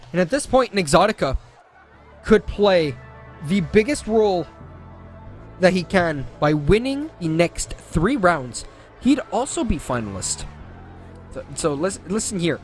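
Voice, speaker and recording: A man casting a racing esports match with play-by-play commentary, excitable and jokey, often correcting himself mid-call. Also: high voice, measured pace, pauses often, soft background music. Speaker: esports caster.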